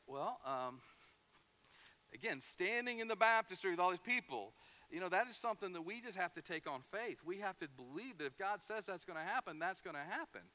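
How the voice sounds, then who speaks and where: Guy preaching, high bright voice, acts out the stories as he goes. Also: fairly quick. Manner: animated storytelling with acted-out quotes. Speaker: pastor. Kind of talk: sermon.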